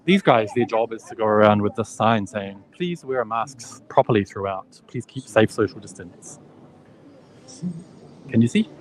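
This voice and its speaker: A man's voice: mid-range voice, slight background noise. A man giving a casual live walking tour of a huge indoor expo hall. He chats, laughs easily and thinks aloud while filming on a handheld phone. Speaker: vlogger touring an expo.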